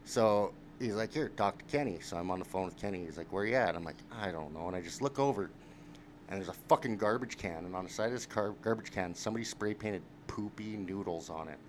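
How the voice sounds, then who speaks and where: Deep-voiced man telling a profane story. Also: fast talker. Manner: profane, animated anecdote with quoted dialogue. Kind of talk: casual storytelling. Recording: noticeable background noise.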